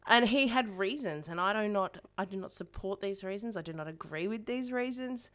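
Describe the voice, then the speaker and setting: A woman's voice: mid-range voice, fairly quick, a bit bright. A woman co-hosting a comedy podcast, teasing and dry. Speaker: podcast co-host. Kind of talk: casual comedy podcast chat.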